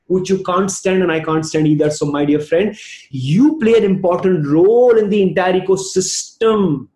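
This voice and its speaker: A man's voice: high voice, normal speed, mellow, echoey room. Indian man giving a motivational talk. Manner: storytelling, acting out both sides of a dialogue. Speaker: leadership trainer.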